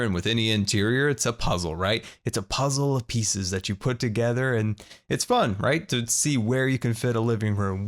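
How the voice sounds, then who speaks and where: A man in his thirties hosting a video game let's play, talking through his building and his pranks in a playful, animated way. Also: mid-range voice. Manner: animated, playful, narrates his own moves. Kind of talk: gameplay commentary.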